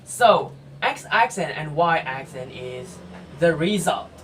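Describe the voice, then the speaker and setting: A man's voice: fairly high pitch, lively intonation, takes it slowly, fairly bright tone. A man explaining a math problem step by step, with fillers and self-corrections. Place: indoor room. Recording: distant mic with air-conditioner hum.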